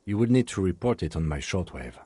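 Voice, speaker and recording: A composed, formal police lieutenant. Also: male voice, deep voice, sing-song, quick pace, mellow, slight background noise. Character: calm, precise male police lieutenant. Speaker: detective partner.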